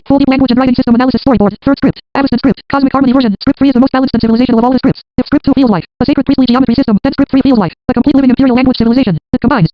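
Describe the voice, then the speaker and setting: A narrator reads out notes in short, clipped fragments that sound like a list. The voice sits high and moves at a very fast pace. The recording is dry and dull, with a lo-fi edge. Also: dry recording. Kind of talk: scripted narration read from notes.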